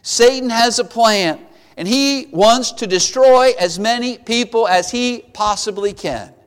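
A man preaching a sermon, retelling a Bible story with lively acted-out voices. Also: extremely high pitch, a little slow, smooth, big-room sound. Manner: animated storytelling, acting out voices of biblical figures.

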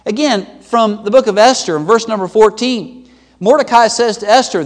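A man preaching a sermon as pastor, swinging between loud emphatic peaks and low, quiet drops. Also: normal speed. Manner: emphatic preaching with sweeping pitch and loudness swings. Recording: long hall reverb.

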